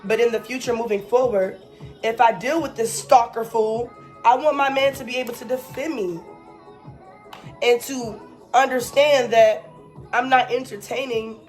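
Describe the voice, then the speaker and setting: A young woman chatting casually to her viewers, her voice sitting on the high side as she tells a story. She keeps checking in with quick asides and repeats herself when she's exasperated. Faint music plays behind her. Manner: animated storytelling, frequent "right?" asides; exasperated, emphatic repetition. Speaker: vlogger. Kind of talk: casual chat.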